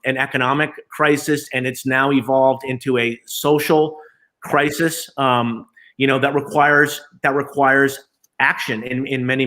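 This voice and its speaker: A man's voice: mid-range voice, a bit bright. A man, an agency chief executive, talking in a live remote interview with lots of fillers and restarts. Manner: conversational, many fillers and restarts.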